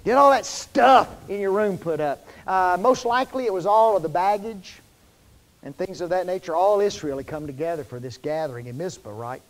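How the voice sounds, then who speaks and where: High-voiced preacher in a reverberant church. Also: male voice, normal speed. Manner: conversational, quizzes the congregation with fill-in questions; folksy, informal wording. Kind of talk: sermon. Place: church sanctuary. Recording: long reverb of a church hall.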